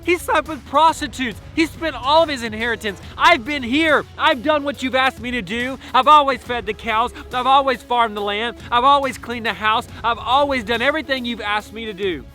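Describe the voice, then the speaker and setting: Resentful older brother, as a preacher puts him on, raised voice, indignant questions, bright tone. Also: male voice, very high-pitched, moderate pace, few pauses, soft background music, pitched above the performer's own voice. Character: resentful hardworking older brother, angry young man.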